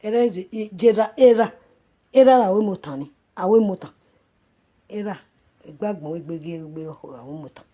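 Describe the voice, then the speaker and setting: Nigerian woman gossip vlogger, husky, angry and mocking rant, loud then muttering. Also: mid-range voice, a little fast. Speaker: social media commentator. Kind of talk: ranting gossip vlog in pidgin and Yoruba.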